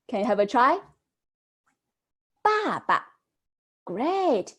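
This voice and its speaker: A woman teaching an online Chinese class, modelling words slowly and prompting students to repeat them after her. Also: a little high, sing-song, fairly bright tone, husky.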